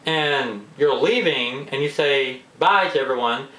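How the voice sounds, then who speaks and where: A man's voice: medium pitch, a little slow, distant mic, slight background noise. Exasperated man ranting in a roomy echo. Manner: exasperated, animated complaining. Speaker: vlogger. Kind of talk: casual ranting monologue. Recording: roomy echo, a bit off-mic.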